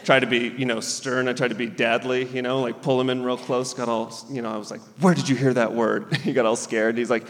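A man's voice: medium pitch, flat delivery, quick pace, hardly any pauses, big-room sound. A man in his thirties from Southern California doing a stand-up set, laughing through his lines and acting out the people he quotes. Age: 30s. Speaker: stand-up comedian and guest. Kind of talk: stand-up set, then casual interview.

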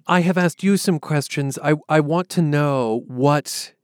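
A man interviewing a guest, asking careful, measured questions and checking what he has heard. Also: on the high side, clear, resonant tone, dry recording, studio quality.

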